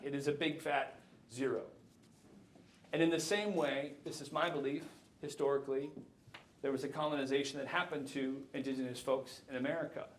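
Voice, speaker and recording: A man in his fifties giving a jokey, animated keynote talk to a live audience. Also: mid-range voice, slight background noise. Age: 50s. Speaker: keynote speaker. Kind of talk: conference talk. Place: lecture hall. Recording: echoey hall.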